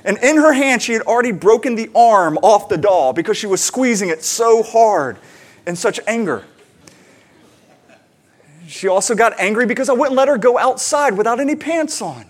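A male pastor with a fairly high voice delivers a sermon in a loose, conversational way, scattering fillers as he talks. He shifts into lively, animated bits when retelling moments from home. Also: moderate pace.

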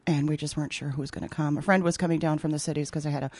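A woman's voice: deep voice, fairly even intonation, racing, a little mellow. A woman talking as a guest on a radio show, casually and animatedly, often laughing. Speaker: textile artist and opera singer guest. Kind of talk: casual radio interview chat. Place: radio studio.

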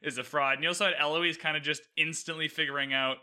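Bright-voiced man, rambling casual chat. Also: on the high side, fast, clean tone. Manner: rambling, filler-heavy, animated retellings. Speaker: podcast co-host reviewing a TV series.

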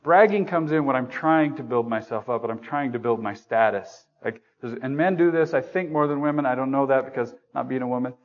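A man delivers a sermon in a church room at a middle pitch, speaking like he is talking with friends. He keeps asking the congregation questions and pokes fun at himself. The recording sounds somewhat dull and muffled. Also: brisk, few pauses. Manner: self-deprecating humor. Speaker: preacher.

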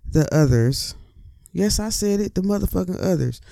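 A man speaks in a loose, profane rant, with animated asides that wander from point to point. His voice sits a bit high for a man, yet it is dark and gravelly. The sound is dry and close, with almost no room around it. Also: moderate pace, no room sound. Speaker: cannabis vlogger. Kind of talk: casual rant to camera.

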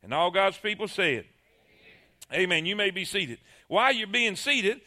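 A man preaching a sermon to his congregation, animated, repeating phrases and restarting often. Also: high-pitched, moderate pace. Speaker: pastor. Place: church sanctuary.

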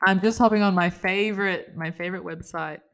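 An Australian woman with a lowish voice chats as a playful, teasing guest. She jokes her way through the talk and slips into other accents for laughs. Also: fairly even intonation, brisk, clean tone. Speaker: actress guest. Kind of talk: improvised comedy chat.

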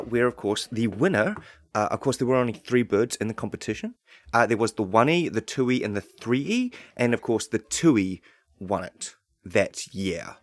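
A man's voice: mid-range voice, dry recording. Rambling New man, dry studio sound. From New Zealand. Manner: rambling, deadpan absurd, excitable asides. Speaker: podcast host. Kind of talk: comedic podcast monologue.

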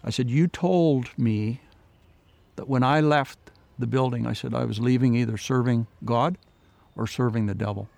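A man's voice: mid-range voice, normal speed, gravelly, a little mellow, no room sound. A man giving an earnest personal testimony in an interview, retelling past conversations with many "I said" tags. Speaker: guest sharing his faith story.

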